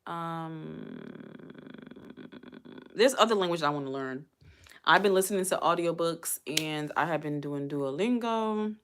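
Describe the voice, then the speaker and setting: Low-voiced woman chatting casually. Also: lively intonation, unhurried, pauses often, fairly bright tone, smooth. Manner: chatty, musing aloud, drifts between topics. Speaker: vlogger. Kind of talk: casual live-stream chat.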